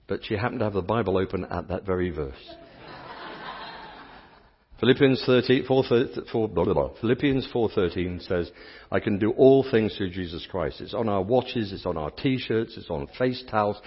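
A man preaching a lively sermon, playful and coaxing the congregation to join in. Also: on the low side, breathy edge. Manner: playful, coaxes the crowd to join in. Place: church sanctuary. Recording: dull sound, long church reverb.

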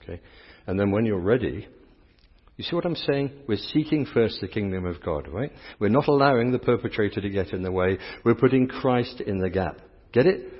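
A man's voice: fairly low pitch, expressive, fairly quick, husky. A middle-aged English priest giving a playful, interactive sermon and teasing his volunteers. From England. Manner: playful, teasing, chatty with the congregation. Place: church. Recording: dull lo-fi sound with long church reverb.

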